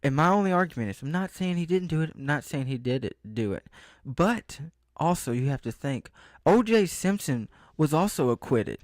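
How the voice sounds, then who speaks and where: A man's voice: a little high, animated, normal speed, no room sound, clean studio sound. A young man rambling through a casual vlog monologue, often losing his train of thought and breaking off mid-sentence. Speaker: vlogger.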